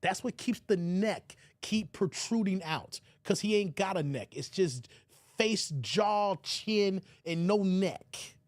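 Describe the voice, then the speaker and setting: High, lively-voiced man mocking on a vlog. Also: slow, no room sound, studio quality. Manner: laughing, teasing, loose and slangy. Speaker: YouTube commentator. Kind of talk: casual mocking commentary.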